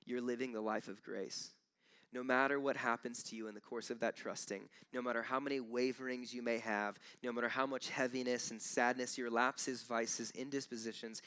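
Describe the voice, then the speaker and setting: A male pastor preaching a conversational sermon. He restarts phrases often and slips into animated quoted voices. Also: medium pitch, smooth. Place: church.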